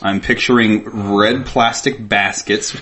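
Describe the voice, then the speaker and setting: A man's voice: on the low side, fairly even intonation, slow pace, pushed and bright, a little hiss or hum. Man trading dry quips on a podcast. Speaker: podcast co-host. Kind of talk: casual chat.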